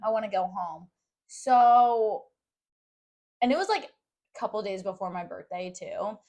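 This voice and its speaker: A woman's voice: medium pitch, measured pace, darkish tone. A young woman co-hosting a casual podcast, rambling through a story and acting out what everyone said. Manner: rambling storytelling full of "I'm like" quotes. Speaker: podcast co-host. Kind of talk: casual chat.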